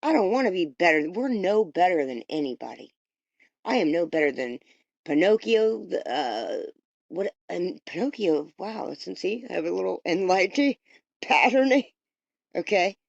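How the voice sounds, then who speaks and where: A woman with a low, gravelly voice hosts a podcast in a rambling, swearing, motivational way. She gives a casual spiritual pep talk. The recording sounds dull and lo-fi, close and dry. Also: very animated, moderate pace, no echo. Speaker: podcast host.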